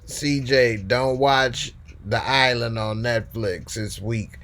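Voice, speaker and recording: Slow, laid-back man hosting a live stream. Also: mid-range voice, steady tone, fairly bright tone. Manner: laid-back, slangy, reading out viewer comments. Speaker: host of a live call-in show. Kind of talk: casual live-stream chat.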